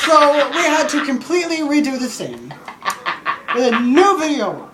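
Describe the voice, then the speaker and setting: A man telling a funny story in animated comic style, often laughing as he goes. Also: extremely high pitch, moderate pace, pauses often, noisy background. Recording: family laughing in the room.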